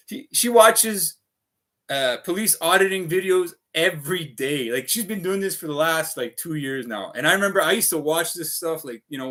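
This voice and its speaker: A Canadian man with a medium-pitched, slightly bright voice rambles through a casual livestream. He swears often, piles up fillers, and comes across as profane and restless.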